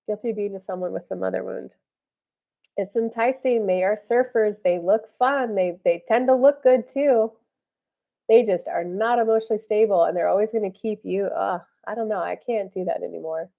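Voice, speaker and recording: A woman's voice: mid-range voice, normal speed, creaky, muffled recording. Chatty woman giving a live reading. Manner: chatty, relays guidance in a conversational flow. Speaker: intuitive reader hosting a live stream. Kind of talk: live psychic reading with viewer comments.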